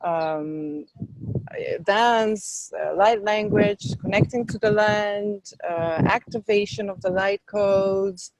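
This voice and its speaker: This spiritual teacher and tour leader has a medium-pitched, slightly mellow voice and takes her time speaking. The audio is poor and dry, recorded outside in the wind. As an interview guest, she talks with enthusiasm about her tours and workshops, chatty and full of fillers.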